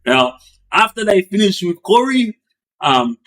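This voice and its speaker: A middle-aged man, a former gang member, casually telling prison stories in an animated way, acting out sounds and quotes with lots of fillers. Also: measured pace. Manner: animated, acts out sounds and quotes with bursts of raised pitch; many fillers and restarts, loose slangy delivery. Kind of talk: casual storytelling.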